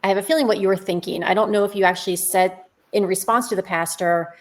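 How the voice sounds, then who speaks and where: A woman's voice: medium pitch, quick pace. A woman co-hosting a faith podcast, speaking in a reflective, explanatory way with rhetorical questions. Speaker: podcast co-host. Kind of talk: conversational faith podcast talk. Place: podcast studio.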